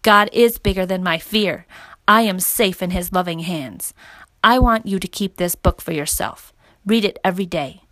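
Kindly storybook fireman, calm and earnest, dry close sound, in a woman reader's own voice. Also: fairly low pitch, moderate pace, no echo, natural voice. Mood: gentle. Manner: gentle, reassuring, earnest.

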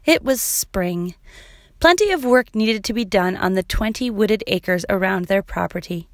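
A woman narrating a children's chapter book, reading clearly and evenly. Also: medium pitch, animated, unhurried, no echo, clean studio sound. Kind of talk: storybook read-aloud.

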